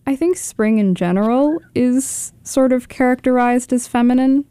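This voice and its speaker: A woman's voice: sits high, normal speed, mellow, smooth, no echo. A woman reading poems aloud expressively and chatting about them. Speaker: poetry reader. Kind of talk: poetry reading.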